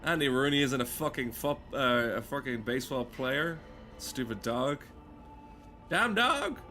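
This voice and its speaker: A man's voice: medium pitch, fairly even intonation, moderate pace, bright, forceful tone, faint music behind. A man giving casual game commentary, rambling and self-mocking, swearing often and stumbling over fillers. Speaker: let's play gamer.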